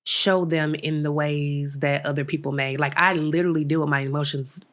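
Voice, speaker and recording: A woman with a low voice speaking candidly on a casual podcast. She reflects on herself in a conversational tone. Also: steady tone, normal speed, fairly bright tone. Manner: candid, reflective, short backchannels.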